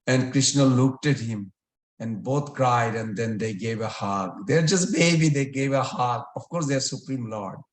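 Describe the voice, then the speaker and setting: Animated male devotional storyteller. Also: mid-range voice, a little slow. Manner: animated, folksy retelling. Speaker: storyteller, spiritual teacher. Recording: roomy echo.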